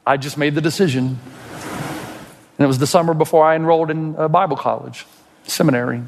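A man preaching a sermon as pastor, dramatic, rising to loud high outbursts and dropping to slow hushed passages. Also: steady tone, creaky, long reverb tail, slight background noise.

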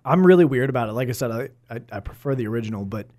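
A man's voice: medium pitch, animated, rapid-fire, darkish tone. A man co-hosting a podcast in casual chat, laid-back and joking, with hesitant restarts. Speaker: podcast co-host.

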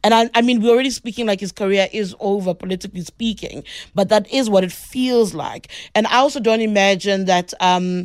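South african woman reporter on talk radio, dry close sound, thinks out loud. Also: mid-range voice, no echo. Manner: thoughtful, measured, occasional restarts. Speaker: political reporter. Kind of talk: radio analysis.

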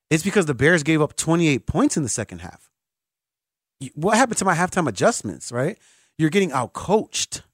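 Radio host guy venting about his team, voice jumps all over, kinda high, dry close mic. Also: dry recording. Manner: animated, exasperated fan venting with self-mocking asides. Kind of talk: sports talk radio monologue.

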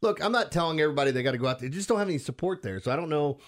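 A man's voice: on the high side, expressive, very fast. A man with a Baltimore accent hosting a sports radio show, talking casually and animatedly with frequent restarts and laughs.

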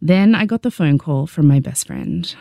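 A young adult woman with an Australian accent narrating her memoir with wry, deadpan humor. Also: low voice, normal speed, creaky, dry recording, clean studio sound.

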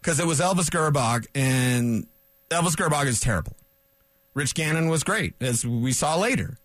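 A man hosting a solo sports talk radio show in a studio, fired up and loud, rambling with sarcastic asides. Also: a little high, animated, measured pace, no echo.

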